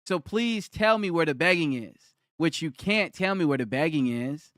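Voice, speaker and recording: A man's voice: on the high side, animated, normal speed, a bit bright, dry recording, studio quality. A young man on a live stream who argues with his chat, repeats his challenge and reads their comments aloud.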